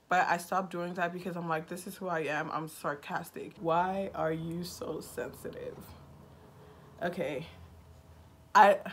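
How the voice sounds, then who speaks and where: A woman in her twenties from Nigeria, talking casually in a get-to-know-me vlog with a slow, monotone, dry sarcastic delivery. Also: fairly low pitch, slightly rough. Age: 20s. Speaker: vlogger.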